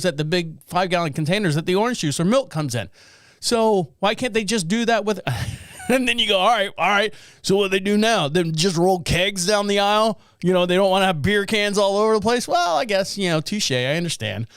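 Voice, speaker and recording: Male podcast host, high smooth voice, dry close sound, sarcastic rambling news riffs. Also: dry recording. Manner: sarcastic, rambling, laughs at own jokes. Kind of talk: casual news commentary.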